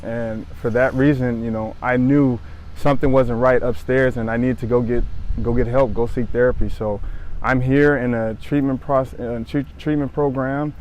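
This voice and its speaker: A man's voice: mid-range voice, steady tone, moderate pace, a little hiss or hum. Earnest man in his thirties, reflective. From Southern California. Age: 30s. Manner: earnest, reflective, with repeated phrases and restarts. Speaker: former pro football player sharing his story. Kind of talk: personal testimony to camera.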